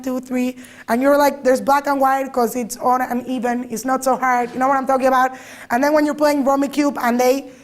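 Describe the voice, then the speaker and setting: A woman giving an animated talk to a live audience, telling stories, joking and asking the listeners questions. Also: sits high. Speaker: speaker giving a religious talk. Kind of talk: lively storytelling talk to an audience.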